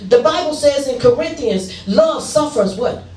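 Woman, preacher, sermon, playful asides, high voice, echoey church room. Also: animated, unhurried, a little mellow, distant mic, a little hiss or hum. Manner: preaches in short call-and-response bursts; playful, acts out asides and quotes.

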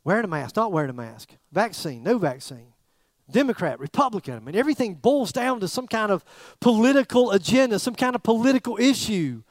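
A middle-aged man preaching a sermon as pastor, in a chatty, joking way with pauses and repeated phrases. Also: sits high, sing-song, no room sound.

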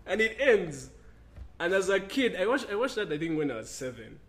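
Animated rambling man telling a story. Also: sits high, normal speed. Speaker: podcast co-host. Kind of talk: casual chat.

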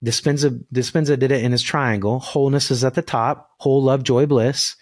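A man's voice: medium pitch, brisk, no echo, clean studio sound. A man who works as a voice coach, talking earnestly about spirit and energy in a podcast conversation over a video call. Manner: earnest, spiritual, animated storytelling.

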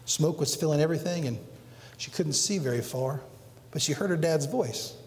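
A middle-aged pastor preaches a sermon at normal speed, dramatically acting out quotes. He swings between loud, emphatic peaks and quiet, low lines, and the recording carries a long hall reverb.

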